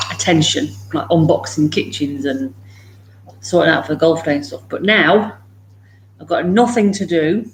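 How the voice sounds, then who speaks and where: On a morning livestream from home, a woman with a lowish voice chats casually, greeting viewers by name, laughing a lot and talking to her dogs. There's slight background noise behind the host.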